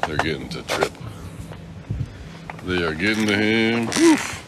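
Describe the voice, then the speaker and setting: A man's voice: low-pitched, lively intonation, slow pace, background noise. A middle-aged man hosting a casual live stream, rambling and joking as he greets viewers by name.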